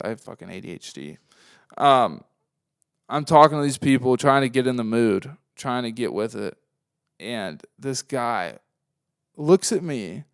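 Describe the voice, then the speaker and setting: A man's voice: mid-range voice, clear, resonant tone, dry recording, clean studio sound. A young man hosting a podcast, talking casually in a rambling, profane monologue that swings into heated rants. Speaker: podcast host.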